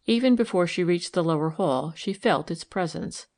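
A woman narrating a novel in an even, measured reading style. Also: fairly low pitch. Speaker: audiobook narrator. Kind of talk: scripted narration.

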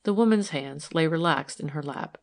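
A woman narrating a novel in an even, measured reading style. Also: deep voice. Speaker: audiobook narrator. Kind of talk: scripted narration.

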